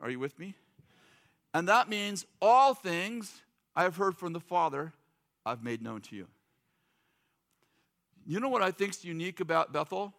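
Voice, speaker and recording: A man's voice: high voice, animated, a little slow, long pauses, a bit bright. A middle-aged man preaching a sermon in a loose, joking, conversational way, acting out quotes. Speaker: pastor.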